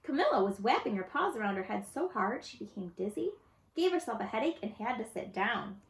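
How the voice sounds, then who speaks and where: A woman's voice: a little high, a little fast, vocal fry. A woman expressively reading a children's picture book aloud, recorded in an echoey room. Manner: expressive, lively storybook reading. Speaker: storyteller.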